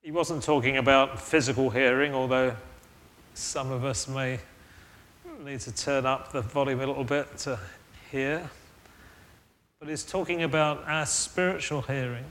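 A man's voice: medium pitch, steady tone, a little slow, fairly bright tone. A man preaching a sermon in an earnest, thoughtful way, often restarting his phrases. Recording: long reverb of a large hall.

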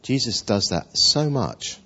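A man preaching a sermon in an animated storytelling way, acting out quotes. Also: medium pitch, takes it slowly. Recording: dull lo-fi recording.

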